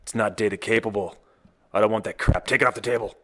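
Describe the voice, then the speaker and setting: A man's voice: fairly low pitch, fairly even intonation, fast, sharp tone. A man voicing a bossy, know-it-all male customer who barks curt orders.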